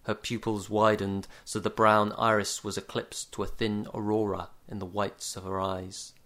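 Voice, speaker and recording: A man narrating a comic short story in a dry, measured deadpan. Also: on the low side. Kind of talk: story reading.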